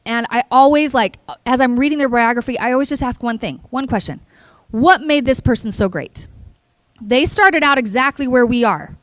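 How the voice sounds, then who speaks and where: Energetic woman giving a motivational talk. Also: a little high, normal speed, no echo. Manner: energetic, playful, engages the audience. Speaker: keynote speaker. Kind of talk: motivational conference speech. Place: conference hall.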